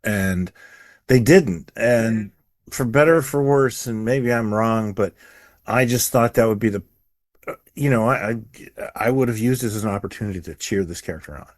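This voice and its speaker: A man co-hosting a podcast in casual chat, halting and hedging as he talks. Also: lowish voice. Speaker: podcast co-host.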